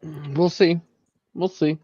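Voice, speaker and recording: A man's voice: a little high, steady tone, slow pace, dark tone, husky, no echo, lo-fi sound. A laid-back man chatting casually on a podcast, giving short, easy replies. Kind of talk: casual chat.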